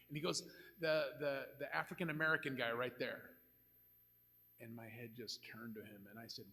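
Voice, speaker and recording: Older guy at a con panel, joking and blunt, bright voice, big echoey hall. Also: a little high, brisk, vocal fry. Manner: candid, joking, animated anecdotes. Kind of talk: live panel storytelling. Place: convention panel room.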